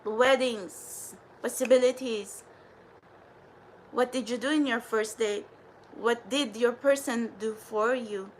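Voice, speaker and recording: A woman's voice: a little high, fairly even intonation, slow, a little hiss or hum, rough recording. A woman hosting a spiritual livestream, ranting in a profane, defiant and rambling way.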